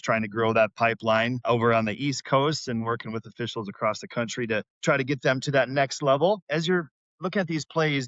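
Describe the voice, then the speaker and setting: Male podcast host, measured questions, dull lo-fi audio, dry. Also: medium pitch, fairly bright tone, no room sound. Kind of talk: interview questions, show intro. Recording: slightly dull lo-fi sound.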